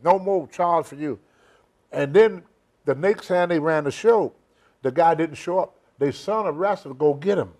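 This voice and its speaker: An older man with a somewhat high voice spins long, emphatic stories, dropping words and circling back to his point. He talks like a guest in a casual sit-down interview. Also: moderate pace, darkish tone. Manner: rambling, emphatic storytelling with dropped grammar. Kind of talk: shoot interview storytelling.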